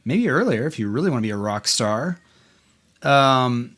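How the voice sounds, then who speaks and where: A man's voice: mid-range voice, animated, normal speed, fairly bright tone. A middle-aged man hosting a podcast, giving faith-based parenting talk in an earnest, encouraging, conversational way. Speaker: podcast host.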